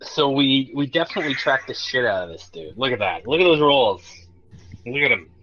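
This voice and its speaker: A man playing a tabletop game, chatting and joking in animated banter. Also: medium pitch, a little fast, lo-fi sound, background noise. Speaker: player. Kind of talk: casual tabletop play chat.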